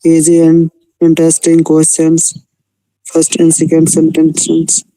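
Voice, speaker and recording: Smooth-voiced learner reading aloud haltingly. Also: male voice, a little high, monotone, dark tone, dry recording, poor audio. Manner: reads haltingly, with non-native grammar. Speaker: student in an online class. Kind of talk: reading aloud and casual chat.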